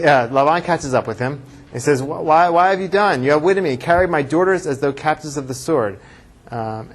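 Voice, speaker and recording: Man teaching a class, thinking aloud. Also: mid-range voice. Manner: thinks aloud, reads verses aloud with emphasis. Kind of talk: classroom lecture with discussion.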